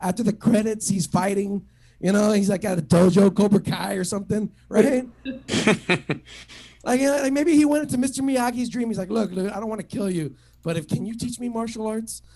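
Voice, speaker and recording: A man's voice: sits high, normal speed, a little mellow. A man doing a stand-up set at an online open mic, rambling and profane, full of fillers and restarts. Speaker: stand-up comic.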